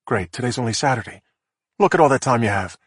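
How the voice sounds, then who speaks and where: A man voicing a sharp-tongued, exasperated female detective in an audiobook, with a husky voice. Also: mid-range voice, animated, fast, dry recording, clean studio sound. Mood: fuming. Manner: exasperated, blunt. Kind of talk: audiobook character voice.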